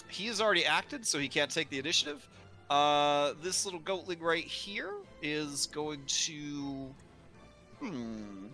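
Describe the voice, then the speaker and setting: A man narrating a tabletop game as game master, slow and rambling with many fillers. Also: fairly high pitch, pushed and bright.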